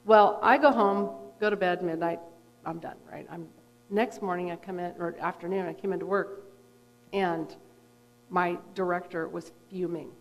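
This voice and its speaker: A woman's voice: on the low side, normal speed. Middle-aged woman telling a story in a hall. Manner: conversational, animated, frequent fillers. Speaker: therapist and guest speaker. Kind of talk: personal storytelling talk. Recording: long reverb from a hall.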